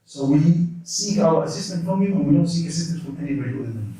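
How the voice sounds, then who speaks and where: A man teaching a lesson in a mosque classroom, explaining terms in a quick, conversational way with many restarts. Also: a little high, animated, mellow. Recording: echoey room from a distance.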